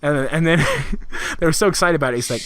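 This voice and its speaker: Slight background noise sits under a man talking quickly in a bright, slightly high voice. He's co-hosting a relaxed podcast about video games, rambling, laughing, and full of filler words.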